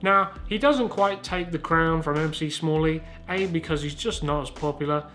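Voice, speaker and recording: A man's voice: fairly high pitch, normal speed, fairly bright tone, faint music behind. Sweary young man with a Southern English accent. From Southern England. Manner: sweary, rambling, self-mocking. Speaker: YouTuber host. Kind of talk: casual comedic commentary.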